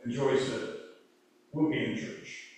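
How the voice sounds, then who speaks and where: A man preaching a sermon as pastor, telling a story in a conversational way and quoting dialogue softly. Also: medium pitch, slow pace. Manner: conversational, quotes dialogue in a softer voice. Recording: echoey church hall, mic far off.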